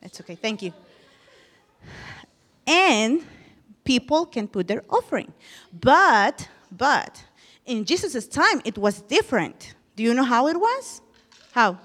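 A woman's voice: fairly high pitch, very animated, takes it slowly, pauses often, a bit bright, in a large hall. A woman teaching a children's Bible lesson in a church, telling the story with animation and asking the children questions.

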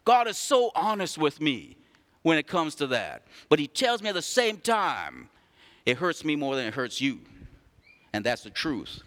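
Man preaching, lively pitch, hall reverb. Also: unhurried. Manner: preaching with big swings in pitch and loudness. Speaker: pastor. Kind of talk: sermon.

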